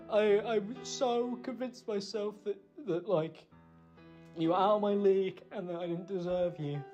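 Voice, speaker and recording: Guy, emotional and choked up, halting self-blaming apology, lots of pauses, faint music under it. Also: high-pitched, mellow, dull audio. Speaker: person recording a personal apology. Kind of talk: emotional spoken confession.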